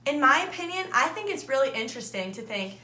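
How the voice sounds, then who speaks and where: A woman's voice: high-pitched, very animated, quick pace, bright, forceful tone, a little hiss or hum. A teenage girl eagerly asking and answering questions as host of a scripted student talk show. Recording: echoey room.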